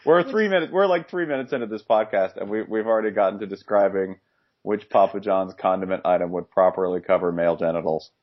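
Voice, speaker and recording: A man with a fairly low voice riffs through casual sports banter, joking fast and sometimes breaking into loud bursts. The recording is dull and lo-fi, like a home podcast setup. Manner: quick jokey riffing, sudden loud outbursts. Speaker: podcast co-host. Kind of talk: casual comedic sports chat.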